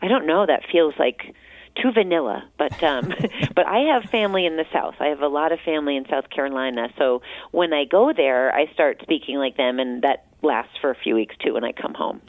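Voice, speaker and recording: A woman with a low, grounded voice talks over a tinny phone line in a radio interview. She is friendly and easygoing, with soft laughs and filler words. The sound is dry and close. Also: a little fast, no echo. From central New Hampshire. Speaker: almanac editor, guest.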